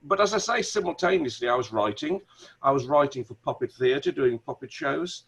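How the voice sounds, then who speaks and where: A middle-aged man with a Wolverhampton accent, a barrister, telling animated stories as a guest on a video call. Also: a little high, normal speed, gravelly, husky, rough recording. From Wolverhampton, England. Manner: animated storyteller, many restarts. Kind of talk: conversational interview.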